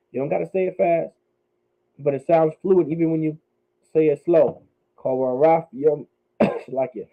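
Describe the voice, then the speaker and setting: A man teaches a class, carefully sounding out each word and repeating phrases slowly so the students can follow. His voice sits a little high for a man. The sound is thin and narrow, as if it comes through a phone line. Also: steady tone. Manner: drills words slowly and repeats them for the class. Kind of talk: teaching Hebrew pronunciation.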